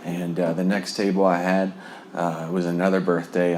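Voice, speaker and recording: A man's voice: sits low, flat delivery, normal speed, darkish tone, slight background noise. A man from New Jersey telling his recovery testimony in a rambling way, with many fillers and frequent chuckles. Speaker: speaker sharing a recovery testimony. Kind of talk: personal testimony storytelling.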